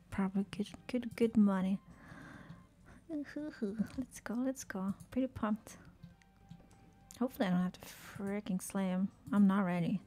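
A woman's voice: medium pitch, warm tone. Playful cursing woman streaming a game. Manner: playful, swears freely, talks to her game character. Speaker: gaming streamer. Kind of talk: casual live-stream commentary.

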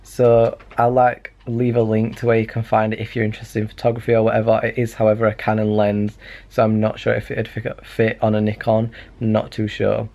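A man's voice: on the low side, monotone, a little fast, creaky, warm tone. Chatty young guy. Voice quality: slight lisp from a retainer. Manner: chatty, rambling, self-mocking. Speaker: vlogger. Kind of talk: casual vlog chat. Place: bedroom at night.

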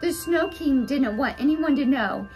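Elderberry Owl, as a woman puts him on, high and hooting. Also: expressive, a little slow, darkish tone, faint music behind, low-quality recording. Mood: dramatic. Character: fussy breathless male owl, elder friend.

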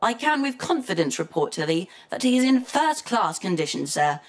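A woman's voice: mid-range voice, sing-song, normal speed, lightly acted. A woman playing a fussy, prim robot butler. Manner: formal, prim and worried. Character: fussy, anxious male protocol robot. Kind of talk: amateur audio drama in mock-Shakespearean verse. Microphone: home computer mic.

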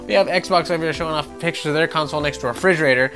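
A man's voice: a little high, racing, fairly bright tone. A man hosting a gaming news vlog, ranting with sarcastic, profane exasperation. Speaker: gaming channel host. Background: background music.

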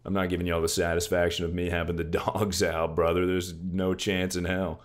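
A man's voice: little pitch movement, fairly quick. A young man hosting a casual livestream, laid-back and joking, swearing freely and calling his chat "dude" and "brother". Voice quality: very deep voice.

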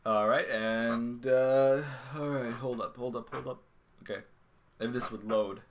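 A young man commenting casually while playing a video game at home, swearing and yelling at the screen. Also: mid-range voice, steady tone, unhurried, slight background noise. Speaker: gaming channel host. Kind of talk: casual let's-play commentary. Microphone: desk microphone.

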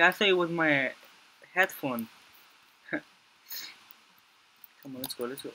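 Bright-voiced jumpy young gamer guy. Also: a little high, slow pace, long pauses. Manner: jumpy, panicky reactions with frequent swearing and repeated phrases; mutters to himself, stammering restarts. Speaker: gaming YouTuber. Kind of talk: gameplay commentary.

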